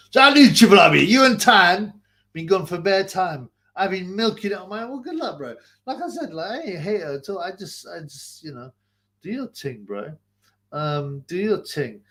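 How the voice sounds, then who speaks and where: A livestream host with a fairly high, bright male voice reads viewer comments aloud in a casual stream. He rambles, swears, repeats himself, and laughs a lot in a crude way.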